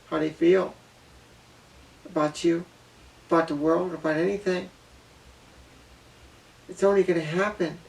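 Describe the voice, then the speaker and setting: Circling back and repeating his words, a vlogger gives an earnest, emotional personal monologue. His voice is gravelly, fairly high, and darkish in tone. Sitting a little away from the mic makes him sound distant.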